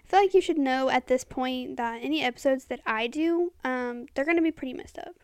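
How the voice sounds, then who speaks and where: A woman co-hosting a podcast in casual chat, talking fast and excitedly. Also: high voice, smooth, no room sound, clean studio sound. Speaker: podcast co-host.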